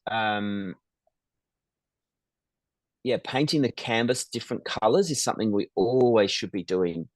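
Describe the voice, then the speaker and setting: Middle-aged male guest, low and dry: reflective storyteller, hesitant with ums and restarts. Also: a little slow, no echo. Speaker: guest, business founder. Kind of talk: conversational interview storytelling.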